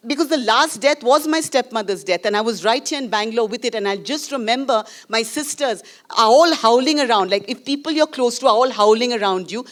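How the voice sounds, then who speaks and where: A woman's voice: a little high, a bit bright. A middle-aged woman filmmaker with an Indian English accent, telling a candid, emotional story to an audience after a screening and slipping in Hindi phrases. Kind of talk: post-screening conversation with an audience. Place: screening venue before a live audience.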